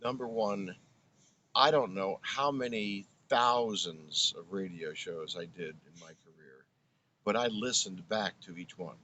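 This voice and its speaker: Older man, low earnest voice. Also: a little slow, bright, forceful tone, lo-fi sound, slight background noise. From Brooklyn, New York. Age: 70s. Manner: earnest, reflective, restarts phrases often. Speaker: guest, former radio broadcaster. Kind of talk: interview storytelling.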